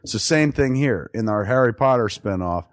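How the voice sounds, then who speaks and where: A man's voice: mid-range voice, expressive, normal speed, no room sound, clean studio sound. A man hosting a podcast, riffing through a crude comic story in a rambling, profane way. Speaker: podcast host. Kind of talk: casual comedic podcast chat.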